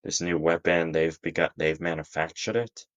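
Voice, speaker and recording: A man's voice: extremely low pitch, level tone, moderate pace, fairly bright tone, dull audio. A man voicing a wary male warrior leader who asks blunt, suspicious questions.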